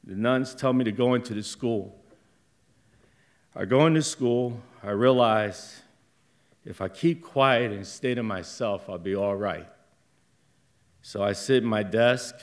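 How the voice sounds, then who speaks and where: A middle-aged man telling a personal story live on a theater stage, in a slow, halting delivery that flares up at times. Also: lowish voice.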